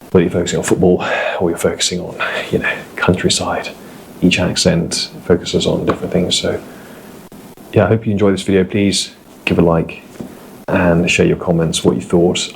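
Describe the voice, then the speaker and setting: Low-voiced male vlogger, thoughtful and meandering, lots of pauses, faint room noise behind. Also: gravelly, a little mellow, poor audio. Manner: reflective, rambling, with frequent hesitations. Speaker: vlogger doing accent impressions. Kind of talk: casual talk to camera.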